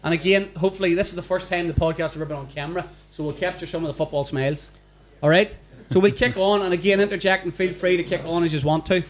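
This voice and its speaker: Man, podcast host, upbeat chatty prompting, slightly high voice. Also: steady tone, fast, few pauses, dull audio, slight background noise. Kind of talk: hosting a live podcast recording. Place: packed function room.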